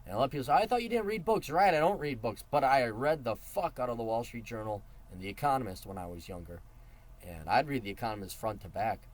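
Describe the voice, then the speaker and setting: A man's voice: on the low side, fast. A middle-aged man giving advice in a casual monologue, blunt and profane with a mocking edge.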